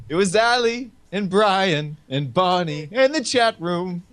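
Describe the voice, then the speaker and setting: A man's voice: sits high, expressive, slow pace, hardly any pauses, fairly bright tone. A man in a played show clip, his voice run through auto-tune as he half-sings in bewilderment. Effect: auto-tune voice effect.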